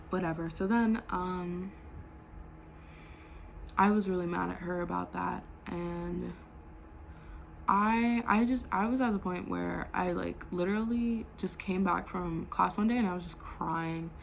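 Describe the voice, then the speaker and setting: A woman's voice: on the low side, steady tone, unhurried, creaky, slight background noise, poor audio. A young adult woman telling a storytime vlog in a heated, profane way, full of "like" fillers. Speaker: vlogger.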